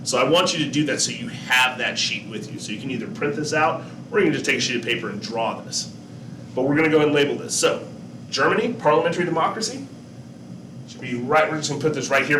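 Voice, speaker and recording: A man teacher giving a relaxed classroom lesson, talking to his students, asking them questions and joking along the way. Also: mid-range voice, background noise. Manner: chatty, asks students questions, jokes. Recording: echoey room, distant mic, faint background.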